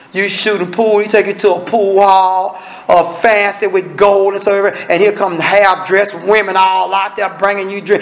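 A man's voice: high voice, poor audio. A man preaching an evening sermon in a folksy, conversational way, blunt and scolding with humor, often acting out little dialogues.

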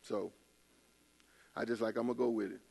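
A man's voice: on the low side, fairly even intonation, moderate pace, creaky, a little mellow, breathy edge. An older man preaching a casual sermon, telling stories in a loose colloquial way with laughing asides. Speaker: pastor. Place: church.

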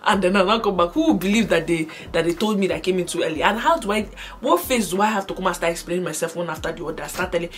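A young woman with a Nigerian accent, telling a personal story casually to camera, animated and shifting between hushed and loud. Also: lowish voice, rapid-fire, hardly any pauses, a little hiss or hum. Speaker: vlogger.

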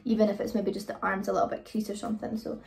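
A woman's voice: medium pitch, little pitch movement, very fast, vocal fry, a little mellow. A British woman chatting casually through a haul video, rambling with frequent ums. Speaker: vlogger. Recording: voice a bit far from the mic, faint music.

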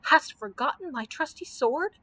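A woman's voice: on the high side, lively intonation, moderate pace, sharp tone. A woman voicing a blustering, old-fashioned male knight who talks in archaic phrases.

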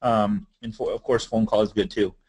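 A man presenting a marketing webinar in a casual, energetic, conversational way. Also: on the low side, moderate pace, slightly rough, poor audio. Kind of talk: casual instructional webinar talk.

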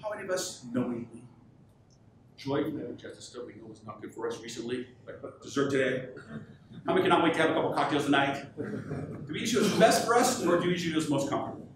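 A man giving a live business keynote to an audience, energetic and peppering the crowd with questions. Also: mid-range voice, fast. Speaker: professional speaker. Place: event hall with audience. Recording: echoey hall, voice from far off, faint hum.

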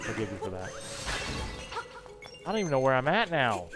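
A man's voice: medium pitch, expressive, normal speed, long pauses, music in the background. Male gaming streamer with a mid-range voice, chatty and joking, muttering game moves. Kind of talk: live gameplay commentary.

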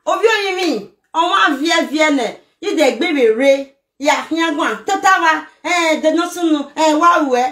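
A woman's voice: high-pitched, measured pace, fairly bright tone. A middle-aged Nigerian woman in an emotional rant to camera, speaking Nigerian Pidgin English and firing off emphatic rhetorical questions. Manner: emphatic, fires rhetorical questions, mixes local language words. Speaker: vlogger. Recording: echoey room with faint noise.

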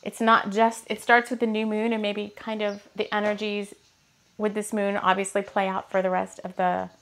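A woman giving a rambling, casual spiritual card reading, her throat a bit hoarse and scratchy, laughing often. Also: medium pitch, level tone, normal speed, a bit bright. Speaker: tarot card reader.

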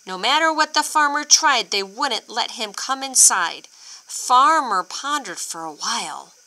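A woman reads a picture book aloud to young children and stops to ask them questions. Her delivery is unhurried, with pitch that swoops up and down. Her tone is very bright. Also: rough recording. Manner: expressive, asks children questions. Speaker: storyteller for children.

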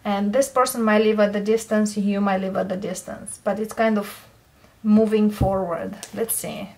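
A woman's voice: mid-range voice, fairly even intonation, vocal fry, darkish tone. A woman giving a tarot card reading, who often checks in with her listeners and keeps saying what she feels. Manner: unhurried, checks in with "okay?" and repeats "I feel here". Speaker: tarot reader.

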